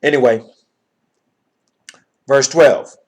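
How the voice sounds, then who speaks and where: Reading Bible verses aloud, a man then explains them in plain language and often checks in with the people listening. His voice is medium in pitch, and he speaks very slowly.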